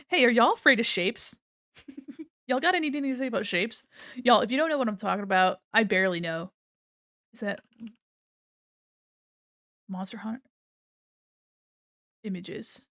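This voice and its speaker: A woman's voice: a little high, lively intonation, unhurried, pauses often, a bit bright, dry recording, clean studio sound. A woman streamer chatting casually while she draws, playful and giggly, laughing often and talking to her chat at a desk mic. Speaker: art streamer. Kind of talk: casual commentary while drawing.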